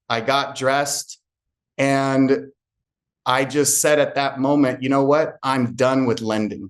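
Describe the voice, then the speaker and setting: A man who works as a real estate agent tells an earnest personal story to a group and acts out remembered conversations. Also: medium pitch.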